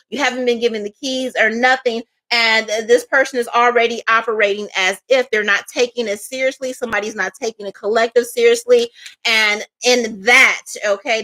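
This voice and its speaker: A woman's voice: on the high side, a bit bright. A woman giving a casual tarot reading, talking in a loose, chatty storytelling way with many fillers and asides. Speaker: tarot reader.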